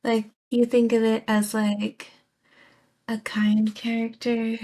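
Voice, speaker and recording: A young woman from the UK chatting casually on a stream, softly spoken and often dropping into a whisper. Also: on the high side, monotone, takes it slowly. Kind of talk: casual stream chat, reading and answering chat.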